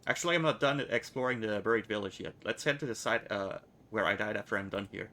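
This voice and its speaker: A man streaming himself reading a video game's narration aloud, steady and plain, with casual asides. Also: on the low side, brisk, few pauses.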